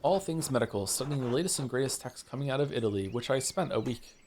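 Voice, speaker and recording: A man's voice: on the high side, expressive, quick pace, few pauses, a little mellow, slight background noise. A man streaming a game, reading its text aloud and swearing often in rambling asides, stumbling over names. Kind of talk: live game stream read-along.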